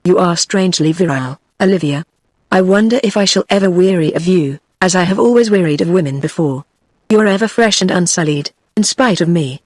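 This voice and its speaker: A text-to-speech voice of a woman with a British English accent, reading the lines of a cruel, mocking male warlord in an even audiobook tone. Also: fairly low pitch, a little fast, no room sound, natural voice. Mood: taunting.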